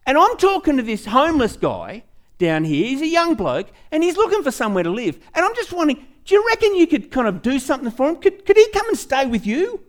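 An eager young Australian fellow on the phone, pitched up and pleading, as a man quotes him. His voice swoops high and low while he stretches out his words. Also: wildly swooping pitch, fast talker, full character voice.

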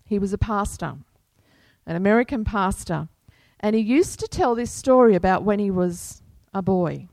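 A woman pastor preaching a sermon to her congregation in an unhurried, earnest manner, quoting scripture. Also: mid-range voice, darkish tone, no echo.

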